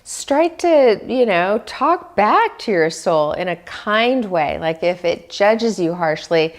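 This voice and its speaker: Slow, gentle woman giving wellness tips. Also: medium pitch, animated. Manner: slow, gentle, asks the listener questions. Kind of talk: reflective self-help talk.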